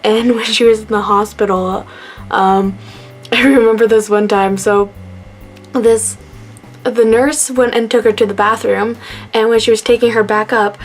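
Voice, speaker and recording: A woman's voice: on the high side, steady tone, normal speed, soft background music. A young woman talking to camera in a tribute vlog, emotional and near tears, rambling and laughing through her sadness. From Canada.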